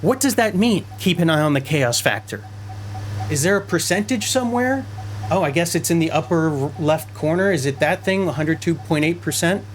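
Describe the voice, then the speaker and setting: Guy rambling thru a bad driving game at home, kinda high voice, stumbles over words, loud car sounds under him. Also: fairly quick, a little hiss or hum. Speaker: let's-play gamer. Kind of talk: casual gameplay commentary. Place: messy room at home.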